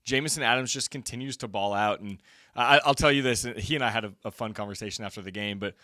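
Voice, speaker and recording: A middle-aged man co-hosting a casual football stat show as a coach, enthusiastic and quick to hype his players. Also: fairly low pitch, sharp tone, dry recording, clean studio sound. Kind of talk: casual sports chat.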